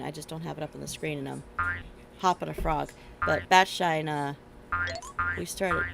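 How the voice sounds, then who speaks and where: A woman's voice: on the low side, gravelly. A woman streamer chatting casually and rambling while playing a game, laughing often. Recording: loud game music behind.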